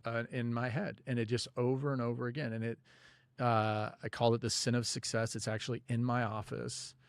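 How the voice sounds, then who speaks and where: A man's voice: mid-range voice, flat delivery, fairly quick, clear, resonant tone, no room sound. A man guest on a podcast telling a personal faith story in a loose, conversational way, full of "you know" and "like". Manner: religious, speaks of God and prayer. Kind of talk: storytelling in a casual interview.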